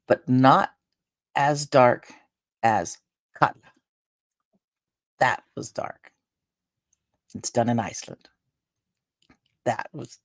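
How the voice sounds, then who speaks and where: Woman, live-stream host, rambling and halting, tired, gravelly, dry close sound. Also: rumbling low, no echo. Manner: meandering, halting talk with many restarts and fillers. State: tired and drained after a stressful day. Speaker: livestream host.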